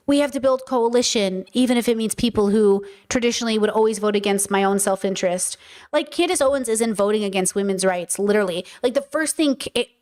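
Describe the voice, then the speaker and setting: A woman's voice: medium pitch, a little mellow. An American woman hosting a casual livestream, playful and chatty, swearing freely and repeating words for emphasis. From United States. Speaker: host.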